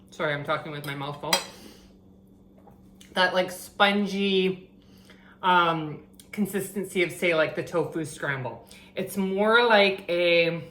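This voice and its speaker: A woman's voice: lowish voice, bright, forceful tone. Chatty woman vlogging in an echoey kitchen. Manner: chatty, self-deprecating, thinks aloud. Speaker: vegan cooking vlogger. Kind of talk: casual cooking vlog. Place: home kitchen. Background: frying and sizzling from the pan.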